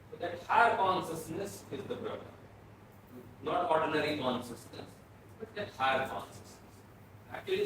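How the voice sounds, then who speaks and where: A man from Bhutan giving a classroom philosophy lecture, explaining slowly and repeating and restarting his phrases. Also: a little high, fairly bright tone. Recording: echoey room, mic far off, faint noise.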